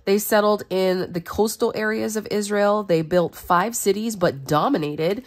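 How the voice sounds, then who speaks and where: A young woman leads a beginner Bible study. She reads the verses aloud, then explains them in a warm, earnest, conversational tone. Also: mid-range voice, unhurried. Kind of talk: reading scripture and explaining it.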